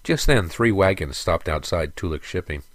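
A man reading a fantasy story aloud in a steady, measured storytelling manner. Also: deep voice, dry recording. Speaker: narrator. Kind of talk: scripted fantasy narration.

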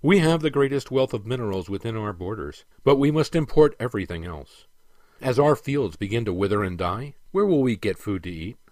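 A man's voice: fairly low pitch, expressive, darkish tone, no room sound, studio quality, natural voice. A man voicing a stern, lecturing emperor. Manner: measured, authoritative, lecturing.

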